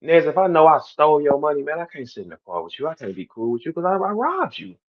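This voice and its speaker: A man speaking to his stream audience in a heated, animated monologue, repeating himself and swinging between loud outbursts and quiet asides. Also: a little high, fast, dull audio. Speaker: battle rapper on a stream.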